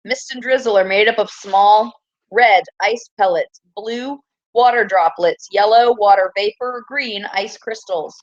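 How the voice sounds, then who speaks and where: A woman teacher running a classroom quiz review, upbeat and teasing, reading each answer choice slowly and clearly. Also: mid-range voice, muffled recording.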